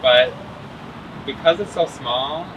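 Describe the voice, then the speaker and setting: A man's voice: medium pitch, takes it slowly. Easygoing young man chatting, noisy room. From New Hampshire. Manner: relaxed, laughs often, many fillers. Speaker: interview guest, competitive gamer. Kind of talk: casual interview chat.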